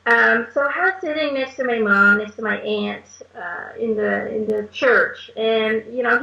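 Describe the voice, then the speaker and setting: This guest medium has a mid-range, creaky voice, and she laughs a lot while sharing chatty stories in a casual interview. The recording is echoey, dull and lo-fi.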